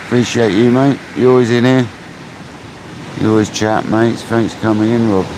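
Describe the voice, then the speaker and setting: Here the angler's voice is mid-range and steady at normal speed as he chats easily with his stream audience, laughing and saying mate. Loud surf noise fills the outdoor recording.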